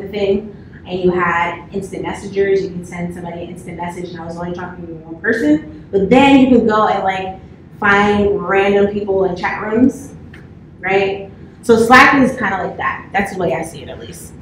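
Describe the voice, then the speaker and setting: A woman's voice: medium pitch, fairly bright tone. A woman in her thirties, a campus manager, giving a chatty orientation talk to a new class with lots of filler words. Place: office classroom. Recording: roomy, from far off, faint hiss.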